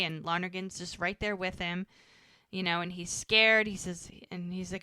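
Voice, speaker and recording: A woman's voice: fairly low pitch, normal speed, clear, resonant tone, no room sound, clean studio sound. A woman co-hosting a podcast, animatedly retelling a TV episode scene by scene in casual chat. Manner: animated retelling, quotes characters' lines. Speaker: podcast co-host recapping an episode.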